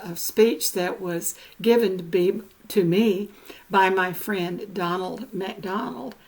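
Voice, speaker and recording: An older woman presenting genealogy notes, reading slowly and carefully, spelling out words letter by letter. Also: medium pitch.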